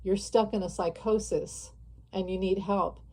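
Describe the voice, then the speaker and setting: Channel host, woman, middle pitch, warm mellow timbre; fervent direct-to-camera political monologue. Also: fairly even intonation, a little slow, low-quality recording. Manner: impassioned, repetitive, addresses viewers directly. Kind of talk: opinionated political vlog monologue.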